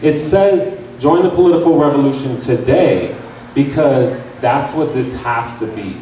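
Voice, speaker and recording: Young guy giving an animated jokey talk in a bar, super echoey room, mic far off. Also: medium pitch, unhurried, a little hiss or hum. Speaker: campaign volunteer trainer. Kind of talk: casual training talk to a crowd. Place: bar lounge.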